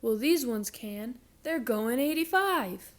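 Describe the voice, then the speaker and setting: A woman voicing a blustering small-town male sheriff in a children's storybook, loud and hollering. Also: on the high side, animated, slow. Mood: exasperated.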